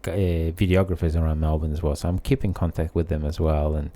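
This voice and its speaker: A man's voice: rumbling low, level tone, fast talker, dark tone. A man co-hosting a podcast in casual chat, easygoing and agreeable. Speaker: podcast co-host.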